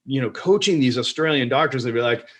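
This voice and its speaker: Brief: mid-pitched man, chatty, energetic podcast host who laughs easily. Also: fast talker. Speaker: podcast host and practice coach. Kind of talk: podcast interview.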